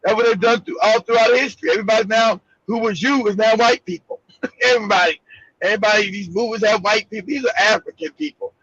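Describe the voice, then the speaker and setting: A man co-hosting an online talk show, chatting bluntly with lots of laughter and animated retelling. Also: sits high, fast talker, husky, no echo, dull audio. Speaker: co-host. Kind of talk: casual chat.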